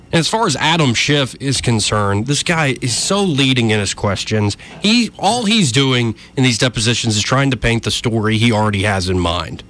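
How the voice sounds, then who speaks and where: A man's voice: medium pitch, fairly bright tone. A man giving argumentative political commentary, addressing his listeners directly. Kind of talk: opinion commentary.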